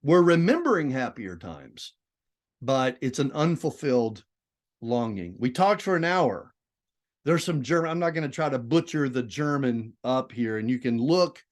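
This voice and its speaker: Animated male literature teacher. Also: mid-range voice, normal speed. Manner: animated and digressive, swinging between loud emphasis and quiet asides. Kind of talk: classroom lecture.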